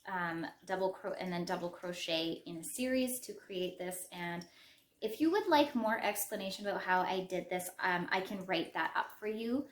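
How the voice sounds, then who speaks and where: A woman's voice: fairly low pitch, expressive, moderate pace, slight background noise. A middle-aged woman with a Western Canadian English accent, hosting a crochet podcast in a chatty, rambling show-and-tell manner with self-deprecating asides. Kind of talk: casual show-and-tell chat. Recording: roomy echo.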